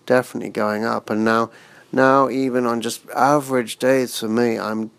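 A man talking as an interview guest, halting and restarting words, crude and frank. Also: mid-range voice, little pitch movement, gravelly, smooth. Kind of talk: casual interview chat.

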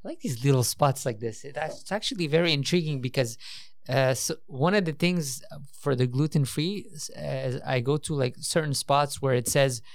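A man's voice: mid-range voice, moderate pace, dry recording, studio quality. A man co-hosting a casual chat, asking curious questions and reacting briefly. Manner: curious interviewer, short reactions.

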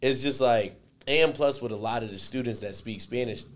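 A man's voice: mid-range voice, normal speed. Boastful joking man in casual chat. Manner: boastful, joking, swears freely.

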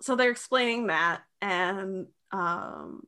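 Bright-voiced woman recapping a show casually. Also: medium pitch, takes it slowly. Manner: animated retelling, slipping into quoted voices; frequent fillers and "like". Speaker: podcast co-host. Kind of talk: casual chat recapping a TV episode.

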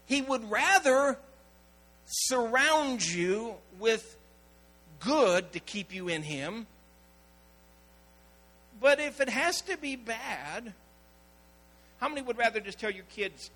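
A man preaches a sermon, his voice pitched very high and bright. He tells stories and acts out the people in them. A faint electrical hum sits under the recording. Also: lively intonation, slow, pauses often, low-quality recording. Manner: storytelling preacher, acting out quoted voices. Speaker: pastor.

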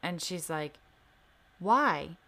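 Candid young woman, slightly low voice. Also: lively intonation, drawn-out words, sharp tone. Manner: candid, swears freely, many "like" fillers. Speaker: podcast co-host. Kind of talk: casual storytelling chat.

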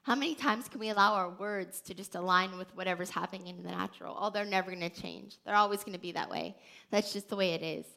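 Brief: female podcast host giving faith teaching, earnest and animated, bright tone with a fry edge. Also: medium pitch, quick pace. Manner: earnest, animated storytelling with many restarts.

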